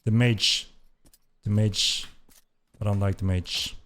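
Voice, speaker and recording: A man's voice: on the low side, steady tone, slow, fairly bright tone. A man hosting a game developer stream, giving enthusiastic live commentary as he plays and repeating his praise. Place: at a computer playing the game.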